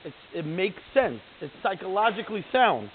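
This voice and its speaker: A man with a high-pitched voice leads a text study class. He reads Hebrew lines aloud and unpacks each one in plain, chatty talk, often stopping to ask the class questions. The audio is thin and phone-like, with a faint hiss underneath. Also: big pitch swings, normal speed. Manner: reads Hebrew lines aloud, then translates and explains them; conversational, asks the class rhetorical questions. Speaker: Torah teacher.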